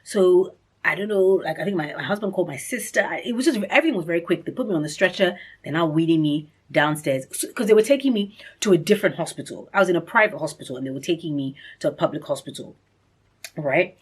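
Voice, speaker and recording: A woman vlogging a personal story in a chatty, rambling way, acting out what people said with big jumps in pitch. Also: fast talker, breathy edge. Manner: animated, acts out reported speech with big pitch jumps; chatty, rambling, many fillers and restarts.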